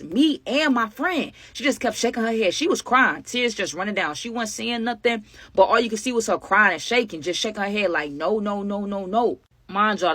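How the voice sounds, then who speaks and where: A young woman telling a story in casual, animated talk, speaking straight to her viewers. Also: fairly low pitch, no echo. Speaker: storytime vlogger.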